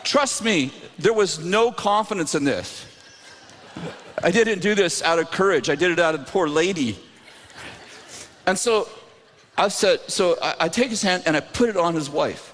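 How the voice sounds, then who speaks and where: Man preacher, animated self-mocking storyteller, high bouncing voice, church hall reverb. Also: a little slow, pauses often. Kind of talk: sermon storytelling. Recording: reverberant hall with faint noise.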